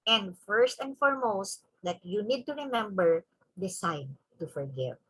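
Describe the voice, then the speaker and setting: A woman's voice: medium pitch, animated, measured pace, breathy edge, poor audio. A woman with a Filipino accent giving an emphatic convention lecture, switching between English and Tagalog and checking in with the audience through frequent tag questions. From Philippines.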